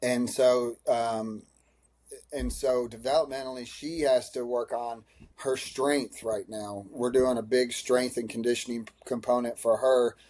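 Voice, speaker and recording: A man with a mellow, dark-toned voice at a middle pitch, talking as a high school running coach on a podcast. He speaks earnestly and gets emotional, circling back with restarts and fillers. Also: steady tone, measured pace. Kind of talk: podcast interview answer.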